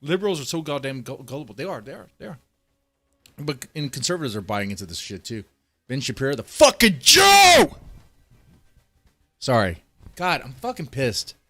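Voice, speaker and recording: A man's voice: medium pitch, expressive, a little fast, fairly bright tone, breathy edge, dry recording. Heated, profane male streamer ranting. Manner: profane, heated, swearing often; reads articles aloud between outbursts. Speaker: political commentary streamer. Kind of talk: ranting commentary.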